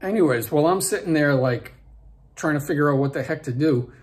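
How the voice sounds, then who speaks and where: Speaking briskly in a fairly high, slightly mellow voice, a man in his forties tells a backstage story on his own vlog. He rambles casually, with many fillers and false starts.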